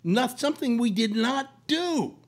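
An older man hosting a talk show, hoarse with a cold, rambling in casual talk with many restarts. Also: very high-pitched, lively intonation, a little slow. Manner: rambling, full of restarts and "you know". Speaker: radio talk host.

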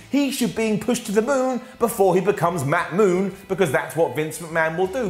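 A British man recaps a show with a sarcastic, joking delivery, his voice a little high and swinging widely in pitch. The room is echoey, with faint music underneath. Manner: sarcastic, jokey, full of acted quotes. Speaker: wrestling show reviewer.

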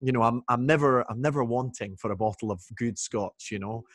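A man with a Scottish accent chats easily as a guest on a video call. He sounds relaxed and jokey and often pauses on "um" and restarts his sentences. The sound is dry and close, with no room echo. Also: mid-range voice. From Scotland. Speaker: whisky brand ambassador guest. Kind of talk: casual interview over video chat. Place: home, indoors.

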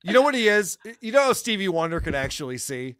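A man's voice: sits high, sing-song, quick pace, a bit bright, dry recording, clean studio sound. A man talking as a podcast guest in casual chat, ranting with sarcasm and swearing.

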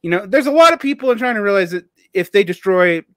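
A man's voice: sits high, expressive, fast talker, dry recording, clean studio sound. A man with a Southern US accent hosting an interview, talking casually and rambling with fillers and restarts. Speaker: podcast host.

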